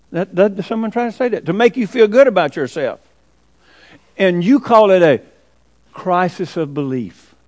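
Male preacher, high animated voice, emphatic, answers his own questions. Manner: emphatic, rhetorical questions, sudden drops to quiet. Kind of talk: sermon.

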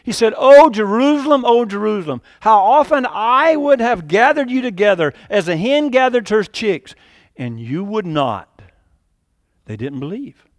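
A man preaching a sermon, lively and animated, acting out quoted lines with sudden rises and drops in his voice. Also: high-pitched, unhurried, dry recording, clean studio sound. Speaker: pastor.

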